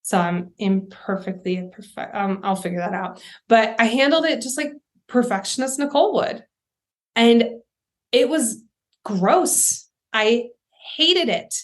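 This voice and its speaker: A woman's voice: a little high, lively intonation, a little slow. Chatty young woman podcast host. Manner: chatty and candid, acts out her own thoughts in quoted asides. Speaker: podcast host, life coach. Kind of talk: casual solo podcast talk.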